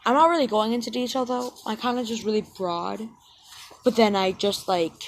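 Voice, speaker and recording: A woman's voice: fairly high pitch, normal speed, a little hiss or hum. A woman in a casual vlog, rambling and self-deprecating, full of ums and side-tracks, talking into a cheap headset mic. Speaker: channel owner.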